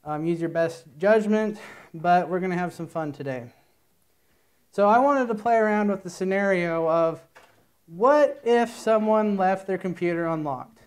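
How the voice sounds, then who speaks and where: A man's voice: high-pitched, a little slow, clear, resonant tone. A man giving a conference talk, telling a long, rambling joke story in a playful way before starting his presentation. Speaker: conference speaker. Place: conference room.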